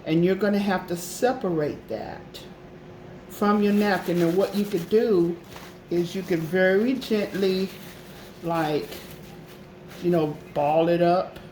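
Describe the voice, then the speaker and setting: A woman's voice: lowish voice, slow pace, warm tone, slight background noise. Chatty woman teaching a craft, roomy echo. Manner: chatty, repetitive, checks in with "okay?". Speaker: craft channel host. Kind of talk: casual craft tutorial.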